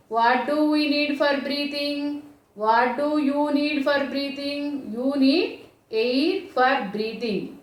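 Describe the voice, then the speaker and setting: A high-voiced woman with an Indian English accent teaches science to small children, slowly and patiently. She asks a question, answers it herself and repeats the key point. Her voice comes from some way off in an echoey room. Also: distant mic.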